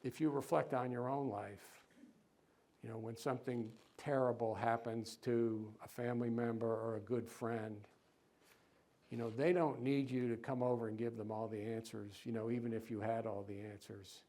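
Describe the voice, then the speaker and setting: Man lecturing, relaxed and conversational. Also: medium pitch, moderate pace. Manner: conversational, with fillers and small chuckles, reads quotes with lifted voice. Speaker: author giving a museum lecture. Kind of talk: public lecture with read-aloud passages. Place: lecture hall.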